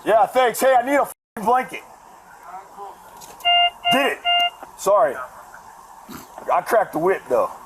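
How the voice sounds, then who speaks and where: A man's voice: high-pitched, sing-song, slow pace, long pauses, very noisy. A man in his forties, swearing and pleading with police in erratic outbursts, caught outdoors on a body camera. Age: 40s. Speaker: detained man. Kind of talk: bodycam footage. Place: outdoors at an apartment. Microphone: officer's body camera.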